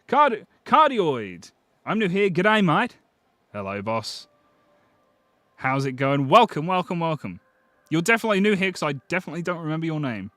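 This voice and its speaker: A British man hosting a live stream, chatting casually with viewers, excitable and swearing freely. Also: fairly high pitch, no echo. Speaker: livestream host.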